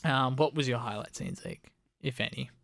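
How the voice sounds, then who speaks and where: A man's voice: mid-range voice, huge pitch swings, normal speed, creaky, a bit bright, dry recording, clean studio sound. A young adult man co-hosting a casual film review podcast, laughing as he critiques dismissively. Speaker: podcast co-host.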